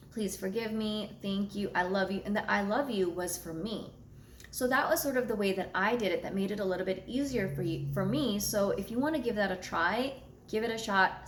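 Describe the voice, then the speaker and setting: Recorded in an echoey room with a little hiss or hum, a woman with a mid-range voice chats frankly and casually with her viewers. She's an astrology content creator, blunt and willing to curse, and this is an unfiltered conversational monologue.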